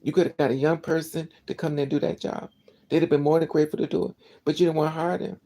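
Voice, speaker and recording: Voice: medium pitch, flat delivery, fast, dark tone, low-quality recording. A vlogger telling a story as a casual rant, emotional and indignant, repeating phrases for emphasis.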